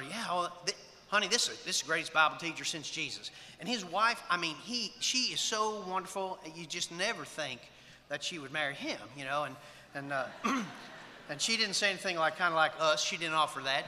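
Joking man with a bright, sharp voice. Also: on the high side. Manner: self-deprecating, joking storyteller. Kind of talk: humorous anecdote to an audience. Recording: long hall reverb, faint room noise.

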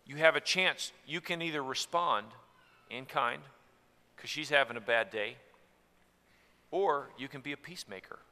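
A man, from Tennessee, preaching a sermon about marriage in an earnest way, going from soft to loud. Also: medium pitch, normal speed, pauses often, in a large hall.

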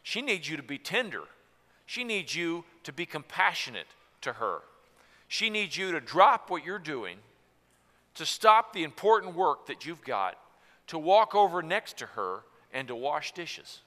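A man, from Tennessee, preaching a sermon about marriage in an earnest way, going from soft to loud. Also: on the high side, big pitch swings, a little slow, in a large hall.

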